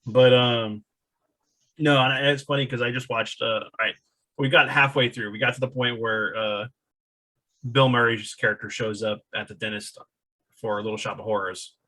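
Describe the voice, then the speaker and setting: A man co-hosting a podcast in casual chat, jokey and quick to laugh. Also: mid-range voice, fairly even intonation, pushed and bright, rough recording. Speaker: podcast co-host.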